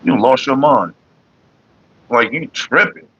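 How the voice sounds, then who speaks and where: A man's voice: medium pitch, expressive, takes it slowly, sharp tone, slightly rough, no echo, highs cut off. A middle-aged man hosting a casual livestream, talking bluntly and with lots of swearing straight to his chat viewers. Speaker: livestream host.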